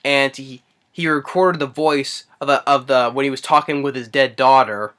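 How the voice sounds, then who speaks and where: Bright-voiced man rambling through a film recap. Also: mid-range voice, steady tone, moderate pace, clear, resonant tone. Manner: rambling, hesitant, heavy on fillers. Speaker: movie reviewer. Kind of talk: casual spoken movie recap.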